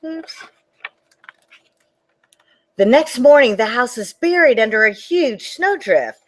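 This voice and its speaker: A woman reads a picture book aloud to children in an animated, sing-song way. Her voice sits a little high and swoops widely in pitch. She talks straight to the kids as she goes. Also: moderate pace. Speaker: children's librarian. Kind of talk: children's storytime read-aloud.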